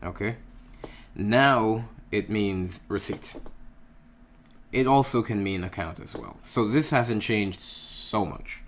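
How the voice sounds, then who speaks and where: A man teaching a casual lesson, patient and unhurried, who keeps checking in with "okay?" while he writes out examples. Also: lowish voice, slight background noise. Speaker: Hebrew language teacher.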